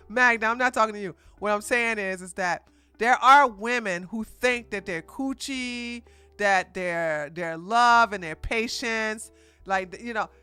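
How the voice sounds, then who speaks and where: A woman's voice: on the high side, a little slow, pushed and bright, clean tone, dry recording, faint music behind. A woman giving casual reaction commentary, blunt and emphatic, lecturing in slangy speech. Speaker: commentary streamer.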